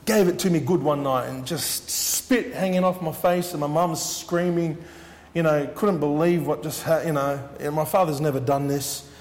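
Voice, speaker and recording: A man's voice: fairly high pitch, steady tone, normal speed, a little mellow, big-room sound. A man preaching a sermon as he shares his testimony, earnest and repeating his words for emphasis.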